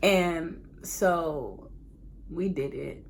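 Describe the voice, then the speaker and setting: A young woman, telling a candid, animated personal story as a casual storytime vlog, full of slang and laughter. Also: sits low, extremely slow, gravelly, slight background noise. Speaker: vlogger.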